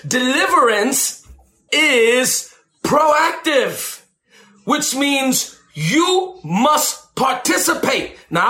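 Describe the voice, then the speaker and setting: High bright preacher guy, super animated, echoey room. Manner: animated preaching, mimics shouting and tongues, calls listeners baby. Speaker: deliverance minister. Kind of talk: sermon.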